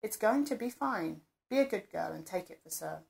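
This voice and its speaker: A woman narrator voicing a calm, commanding dominant man who speaks in a soft, coaxing, controlled way. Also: mid-range voice, moderate pace, vocal fry. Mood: soothing.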